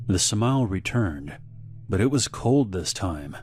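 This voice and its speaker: Deep-voiced man narrating a horror story. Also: big pitch swings, measured pace, a little mellow. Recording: faint background music.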